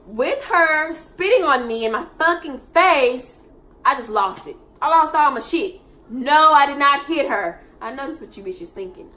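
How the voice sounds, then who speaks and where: A young woman tells a storytime vlog in a brightly pitched, expressive voice. She drops to quiet asides, then bursts out loud and profane. A faint hiss sits under the recording. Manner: animated, profane, swings from low mutters to loud outbursts. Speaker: vlogger telling a work story. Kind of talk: casual storytime monologue.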